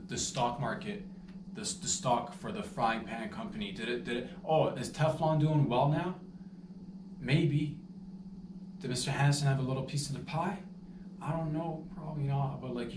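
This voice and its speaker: A man doing a brash, rambling comedic sales pitch, breaking into loud outbursts. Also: roomy sound, recorded from a distance, background noise.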